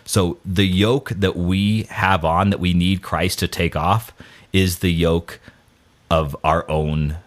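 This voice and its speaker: A man's voice: sits low, fairly even intonation, takes it slowly. A man talking casually about scripture and his own failings, self-deprecating, with many false starts and restarts. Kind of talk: casual faith talk.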